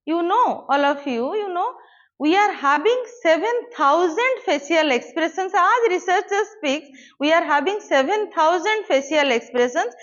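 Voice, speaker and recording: A woman's voice: very high voice, animated, moderate pace, fairly bright tone, highs cut off. A woman giving a classroom lecture, explaining step by step with rhetorical questions and stressed words. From India.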